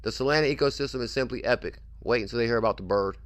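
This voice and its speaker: A man hosting a casual livestream, talking in a pushy, hyped-up way and repeating himself to drive his point home. His voice sits at an ordinary pitch and the sound is dry and close, with no room echo. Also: rapid-fire. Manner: pushy, repetitive hype, keeps saying "I'm telling you". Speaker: crypto livestream host.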